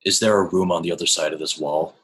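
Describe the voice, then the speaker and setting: A man's voice: sits low, steady tone, quick pace, a bit bright, husky. A man playing a priest character in a tabletop game, earnest and a little hesitant. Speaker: player.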